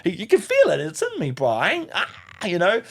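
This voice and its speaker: Brief: New Zealand man, 30s, podcast guest, raw and animated storytelling, slightly higher voice, swears, mimics others. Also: fairly quick. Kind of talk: emotional storytelling.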